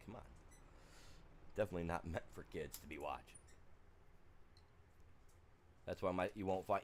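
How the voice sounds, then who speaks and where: A man with a low voice rambles casually to his chat while streaming a farming game, leaning heavily on "you know." Slight background noise is audible.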